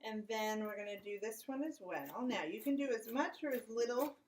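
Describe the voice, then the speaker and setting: A woman's voice: on the high side, lively intonation, moderate pace, slight background noise, low-quality recording. A woman hosting a home cooking show, walking through each step of a recipe in a casual, chatty way and chatting with a child in the kitchen. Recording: loud kitchen clatter of dishes and pans.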